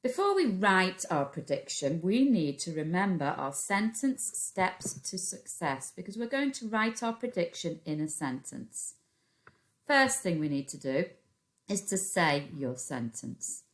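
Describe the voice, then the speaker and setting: A woman's voice: on the low side, sing-song, a little slow. A woman with a British accent, a primary school teacher giving a recorded phonics lesson to young children, patiently sounding out words into a computer microphone. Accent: British English.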